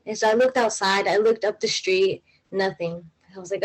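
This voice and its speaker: A woman's voice: medium pitch, quick pace, poor audio. A young woman telling a personal story on stage, in a casual way with many fillers and an anxious tone. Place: stage at a live event.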